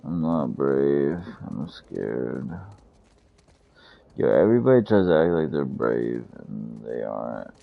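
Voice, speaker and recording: Brief: male streamer, very low and gravelly, slow drawl, swears and jokes through gameplay, dull lo-fi audio. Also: sing-song, no room sound. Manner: profane, joking banter. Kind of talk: casual gameplay commentary.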